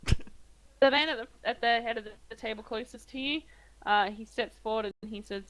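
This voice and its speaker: Woman game master, improvised halting narration, somewhat high voice. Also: low-quality recording.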